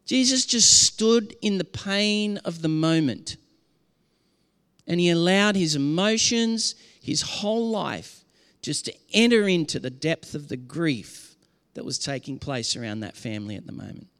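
A man's voice: on the high side, lively intonation, a little slow, a bit bright, smooth, big-room sound. A man preaching a sermon as pastor, earnest and impassioned, often restarting his sentences.

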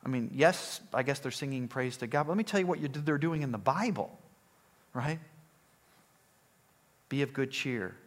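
Male preacher, conversational and emphatic, slightly high pitch. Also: animated, brisk. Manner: conversational, emphatic, lots of restarts. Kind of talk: sermon.

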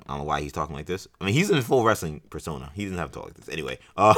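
A man with a low voice that still rings bright and forward. He co-hosts a podcast in casual sports chat, rambling with many fillers and restarts. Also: sing-song, very fast, hardly any pauses. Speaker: podcast co-host.

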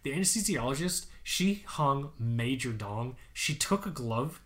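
A man's voice: mid-range voice, lively intonation, measured pace, a bit bright. A man co-hosting a casual podcast, telling a story emphatically, with frequent swearing and fillers. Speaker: podcast co-host.

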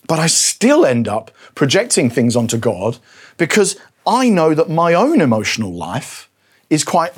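A man preaching a sermon, animated, taking on the voice of God's words with rising intensity. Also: a little high, breathy edge. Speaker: pastor.

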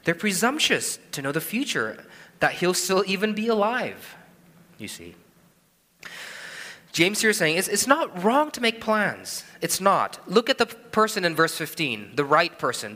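A man in his thirties preaches with earnest conviction, posing questions to the congregation and repeating his main points for emphasis. His voice sits a little high and sounds bright and forceful. Long reverb trails behind each phrase, as in a church hall. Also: very animated, measured pace. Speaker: pastor. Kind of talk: sermon.

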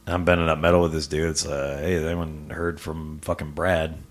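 A comedian from the American Midwest speaks in a very deep, low voice as a podcast guest. He talks casually about his own life, with frequent swearing and halting, repeated starts. He is recorded in a living room. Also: little pitch movement. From Rock Island, US Midwest. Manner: swears often, halting, with stammered restarts. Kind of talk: casual personal storytelling in an interview.

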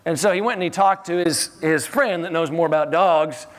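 A man with a voice on the high side preaches a sermon in a church at a moderate pace. His delivery is conversational and animated, and he often chuckles and repeats his words.

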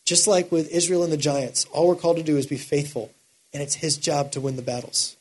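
A man delivers a sermon in a high, husky voice. He climbs from measured, quiet phrases to impassioned, near-shouted peaks, then drops low again. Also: fairly even intonation. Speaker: preacher.

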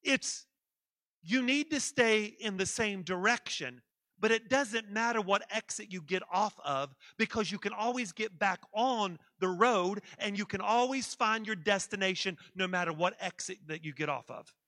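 A man's voice: high-pitched, moderate pace, bright, forceful tone, no echo, clean studio sound. A man preaching a sermon, with emphatic delivery that repeats key phrases and leads the congregation in call-and-response. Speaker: pastor.

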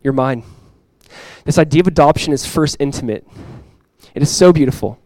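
A young adult man preaching a sermon as pastor, earnest and repeating key phrases, often dropping to a soft, intimate tone. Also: on the high side, expressive, fairly quick, dry recording, low-quality recording.

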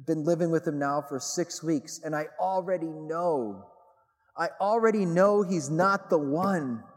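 A man's voice: a little high, a little slow, long reverb tail, voice pushed up. A man voicing a distraught young woman who is sobbing and pleading over and over after a failed romance. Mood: tearful pleading. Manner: pleading, repeating herself.

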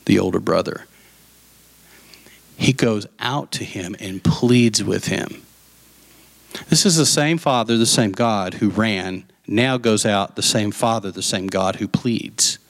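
A man preaching a sermon, retelling a Bible story with lively acted-out voices and asides to the congregation. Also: medium pitch. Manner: animated storytelling, acting out voices of the parable. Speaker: pastor.

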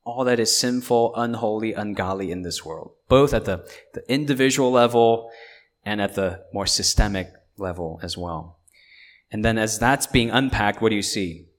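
A man preaching a sermon as pastor, earnest and emphatic, with pauses and fillers between points. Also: on the low side.

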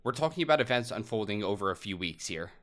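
A man co-hosting a podcast, reading narration in an even, measured way. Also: lowish voice. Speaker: podcast co-host.

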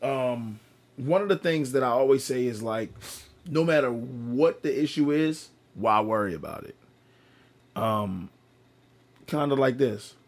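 A man with a hoarse, worn-out voice talking candidly on a casual podcast. He is open and reflective, swears freely and repeats words for emphasis. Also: mid-range voice, a little slow, pauses often. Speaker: podcast co-host.

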